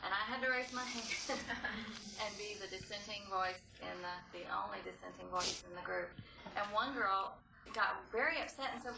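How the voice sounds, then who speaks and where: A woman's voice: medium pitch, steady tone, normal speed, gravelly, distant mic, noisy background. Woman speaking from across an echoey room. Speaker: class member. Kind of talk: classroom discussion comment.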